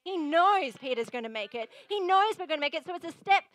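A woman pastor preaches with lively emphasis and a chatty, direct manner. Her voice sits high, and the sound is close and dry with no room around it. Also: a little fast, dry recording, rough recording. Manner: energetic, emphatic, conversational preaching. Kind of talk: sermon.

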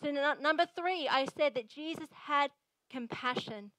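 A woman pastor giving a sermon in an energetic, emphatic, conversational way. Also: high-pitched, measured pace, no echo, rough recording.

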